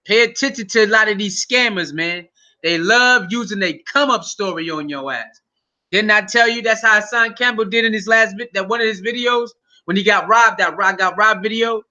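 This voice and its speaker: A man delivers mocking, animated commentary, talking straight at his viewers. His voice is bright and forward. The audio is dull and lo-fi. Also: normal speed. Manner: mocking, animated, impersonates people in a high whiny voice. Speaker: commentary host. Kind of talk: reaction commentary.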